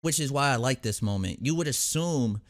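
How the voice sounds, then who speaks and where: A man's voice: mid-range voice, animated, moderate pace. A young man hosting a reaction video, casually recapping an episode in a rambling way, full of fillers and restarts.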